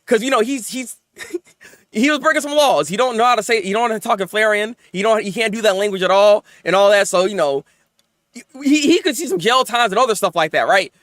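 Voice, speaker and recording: A man hosting a casual anime review, talking in an excited, rambling way, often laughing, stammering and acting out characters. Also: sits high, fairly quick, no room sound, studio quality.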